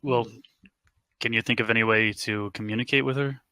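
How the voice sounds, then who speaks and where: A man playing an investigator in a tabletop game, halting and unsure. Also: fairly low pitch, fairly even intonation, pushed and bright, clear, resonant tone, no room sound. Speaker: player. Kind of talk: in-character tabletop play.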